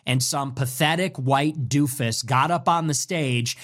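In an unhurried, mid-range voice with a fairly bright tone, a man rants as a political commentator. His monologue is scornful and mocking, driving points home by repeating them emphatically.

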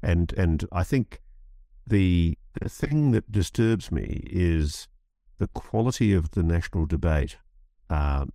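A man's voice: low voice, expressive, slow pace, dark tone, no room sound, clean studio sound. A man speaking as a guest in an interview, impassioned and emphatic, often restarting phrases as he builds his point. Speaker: guest commentator. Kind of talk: animated interview talk.

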